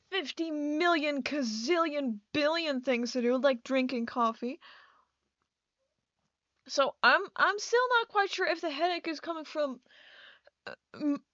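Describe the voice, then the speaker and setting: A woman's voice: high-pitched, fairly bright tone, no echo, dull audio. A woman doing a casual voice-over for her building video, rambling and scattered, with many restarts and bursts of laughter. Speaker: video creator.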